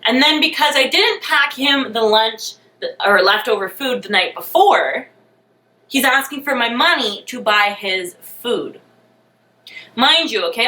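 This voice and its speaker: A young woman telling a dating story in a storytime vlog, animated, sarcastic and self-mocking. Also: a little high. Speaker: vlogger. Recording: roomy, mic at a distance.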